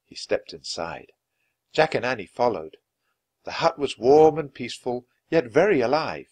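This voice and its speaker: A man reads a children's chapter book aloud in a medium-pitched voice. His delivery is expressive and lively, with big rises and falls in pitch that keep the story moving. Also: moderate pace. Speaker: storybook reader.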